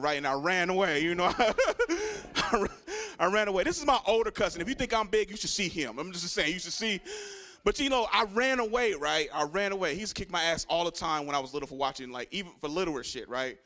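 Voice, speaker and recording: Stand-up comic, man, slightly high voice, big shouted punchlines, low mumbly character voices, handheld mic on a club stage. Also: brisk. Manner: loud, animated storytelling with shouted punchlines. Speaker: stand-up comedian. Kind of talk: stand-up set.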